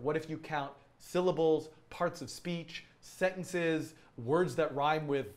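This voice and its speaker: Male coding instructor, slightly raised pitch, eager and rambling, casual lesson delivery. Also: a little slow, hardly any pauses, darkish tone. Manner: enthusiastic, rambling with fillers and restarts.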